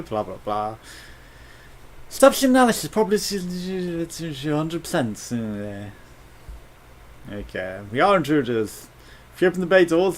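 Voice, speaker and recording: Joking British man narrating a game. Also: mid-range voice. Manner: jokey, reads game text aloud, swears. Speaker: let's play host. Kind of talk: game commentary.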